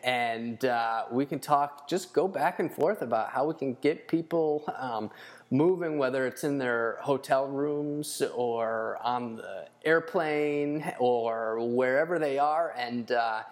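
A man's voice: mid-range voice, slow. A man hosting a podcast in casual chat, loose and profane with plenty of fillers. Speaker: podcast host.

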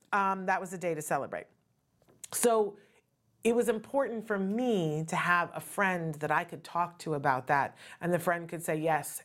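A middle-aged woman hosting a talk show, speaking earnestly and conversationally and often checking in with "right?". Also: deep voice. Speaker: host. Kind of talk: casual talk show monologue.

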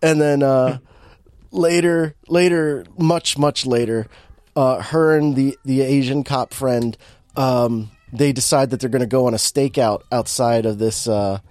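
A man's voice: medium pitch, unhurried, a little mellow, no room sound. A man giving a rambling, sarcastic recap of a movie, with many fillers and acted quotes.

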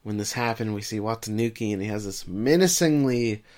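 A man's voice: lowish voice, brisk, darkish tone. A man co-hosting a podcast, summarizing the plot of an episode in a casual way and turning to his co-host with questions. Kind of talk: casual recap chat.

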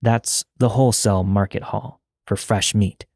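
A man voicing a strange taxi driver in a horror story podcast, speaking low, calm and softly menacing. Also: moderate pace, gravelly, husky, dry recording, studio quality. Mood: creepy calm. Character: strange middle-aged male taxi driver, calm and creepy.

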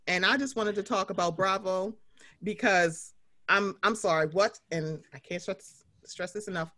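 A woman's voice: mid-range voice, bright, forceful tone. A woman hosting a podcast in casual chat, brash and profane, laughing often. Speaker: podcast host.

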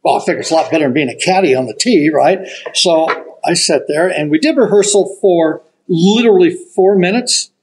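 An older man, a golf broadcaster, telling a story as an animated raconteur who acts out the quotes. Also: a little high, fairly quick, low-quality recording. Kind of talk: casual storytelling.

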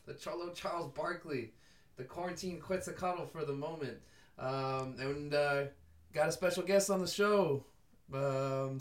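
A young man from Northern California with a NorCal accent hosting a casual podcast, laughing often and swearing freely. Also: fairly high pitch. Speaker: podcast host. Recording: roomy echo.

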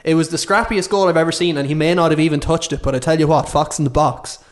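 A man's voice: fairly high pitch, fairly even intonation, quick pace. A man on a football podcast, confident, reeling off stats with blunt banter. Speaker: podcast panelist. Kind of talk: casual football podcast chat.

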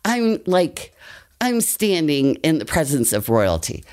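An older woman from Colorado telling a personal story in an animated way, acting out the quotes. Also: sits low, slow pace. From Colorado, USA. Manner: lively, animated retelling with acted quotes. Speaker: storyteller guest.

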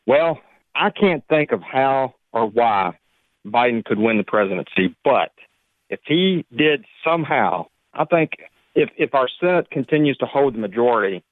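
A man's voice: mid-range voice, dry recording. A man calling in to a radio talk show, polite and slightly hesitant. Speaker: caller. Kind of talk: phone-in caller. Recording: tinny phone line.

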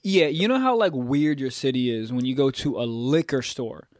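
A man's voice: medium pitch, lively intonation, normal speed, dry recording, studio quality. A young man co-hosting a podcast, talking in a laid-back, teasing way with lots of slang. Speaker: podcast co-host. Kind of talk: casual chat.

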